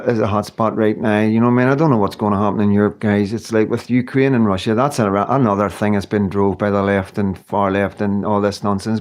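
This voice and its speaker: This livestream host is a middle-aged man from the UK whose voice is fairly low and a little mellow. He addresses viewers with earnest emotion, wandering off track and often starting his sentences over.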